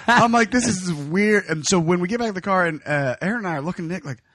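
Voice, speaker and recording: A man's voice: sits high, brisk, dry recording, clean studio sound. A young man telling a story among friends in casual banter, laughing often and acting out what people said. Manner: animated storyteller, laughing, acts out quotes. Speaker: podcast co-host telling a story.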